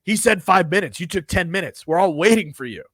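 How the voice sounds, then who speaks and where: A man playing a stern woman in her late thirties who speaks flatly and matter-of-factly. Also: fairly high pitch, unhurried, dry recording. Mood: scolding.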